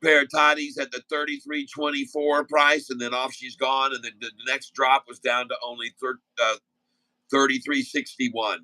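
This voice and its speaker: A man's voice: medium pitch, little pitch movement, moderate pace, bright, forceful tone, dry recording, rough recording. A man hosting a casual day-trading livestream, chatting in a folksy, rambling way full of fillers, asides and stock calls. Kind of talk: casual live-stream chat and stock commentary.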